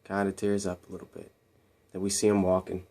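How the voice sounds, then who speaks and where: A man's voice: sits low, monotone, fairly quick, warm tone. Rambling man recapping a movie. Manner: rambling and repetitive, acting out quotes in raised voices. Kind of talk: casual scene-by-scene movie retelling.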